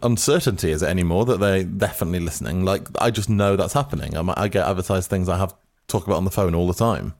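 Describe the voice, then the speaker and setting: A man's voice: deep voice, fast talker, darkish tone. A man co-hosting a podcast, rambling with hesitant fillers and dry humour. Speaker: podcast co-host. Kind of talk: casual chat.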